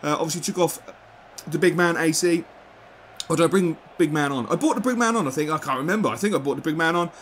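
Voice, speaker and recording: High-pitched man, excitable, football game commentary, faint hiss behind. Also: quick pace. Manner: excitable, swings from rants to mutters. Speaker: gaming YouTuber.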